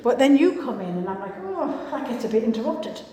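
A woman's voice: fairly high pitch, big pitch swings, brisk, mellow. A woman giving a rambling, self-mocking personal talk about recovery to an audience, with many restarts. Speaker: recovery meeting speaker. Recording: echoey hall.

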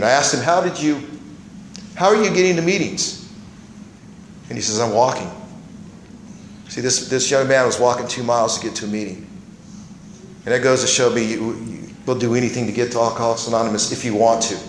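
A man's voice: lowish voice, slight background noise. Man telling his recovery story in a roomy hall. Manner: rambling storyteller with many fillers and restarts. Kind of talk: personal testimony at a recovery meeting.

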